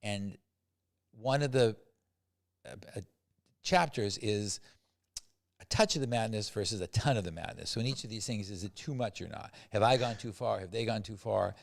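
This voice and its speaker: An older man, a film producer, telling animated anecdotes as a podcast guest and acting out the quotes. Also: lowish voice, moderate pace, gravelly, long pauses. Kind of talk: storytelling in a podcast interview.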